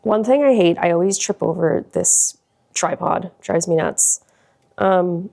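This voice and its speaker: A woman's voice: lowish voice, unhurried, gravelly, warm tone. A woman vlogger chatting casually and gushing, with lots of "like" and "um" fillers. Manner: chatty, gushing, many likes and ums. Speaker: lifestyle vlogger. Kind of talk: casual chat.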